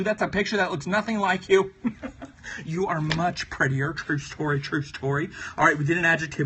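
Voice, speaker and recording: A man hosts a casual live stream, drawing while he chats with viewers in a playful, giggly way and repeats catchphrases. His voice runs on the high side, sharp and husky.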